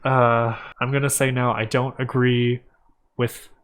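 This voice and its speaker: A man's voice: mid-range voice, little pitch movement, measured pace, fairly bright tone, clean tone. A man reading fanfiction aloud for comedy, breaking off for wry, sarcastic asides.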